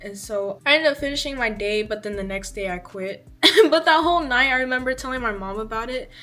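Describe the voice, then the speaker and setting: A woman in her twenties with a slightly high voice tells a casual storytime vlog. She acts out her own reactions with plenty of expression, and soft music plays underneath her talk. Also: expressive, fairly quick. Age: 20s. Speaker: vlogger.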